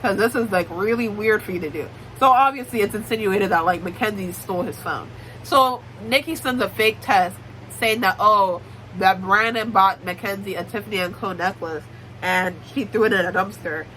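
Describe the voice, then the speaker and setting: A woman's voice: mid-range voice, moderate pace, fairly bright tone, slight background noise, poor audio. A young woman giving a casual, blunt, swear-heavy recap of a book series. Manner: blunt, profane, joking commentary. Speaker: book YouTuber.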